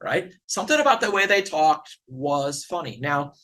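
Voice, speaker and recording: A man's voice: a little high, very animated, normal speed, sharp tone, low-quality recording. A middle-aged man from the northern United States giving a lecture with slides, earnest and wry, building his argument step by step. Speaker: guest lecturer.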